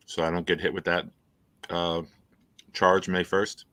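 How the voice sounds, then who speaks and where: A man's voice: deep voice, flat delivery, a little slow, pushed and bright, no echo. A man hosting a casual chat show, telling rambling stories and laughing often. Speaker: host.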